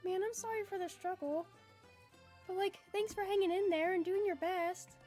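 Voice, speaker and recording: High-voiced giggly woman streamer. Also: steady tone, moderate pace, a little mellow, faint music behind. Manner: giggly, chatty, reads chat messages aloud; self-described low-energy and introverted. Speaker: streamer chatting with live chat. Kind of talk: casual livestream chat.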